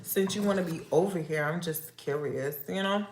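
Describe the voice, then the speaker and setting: A woman hosting a casual livestream, talking slowly and repeating herself as she confides in viewers and asks them nosy questions. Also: on the low side. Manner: slow, repetitive, confiding and nosy. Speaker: livestream host. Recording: echoey room with faint noise.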